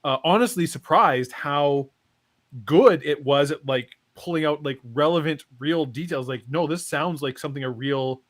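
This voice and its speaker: A man's voice: on the high side, normal speed. A middle-aged man co-hosting a casual chat show, telling rambling stories and laughing often. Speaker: co-host.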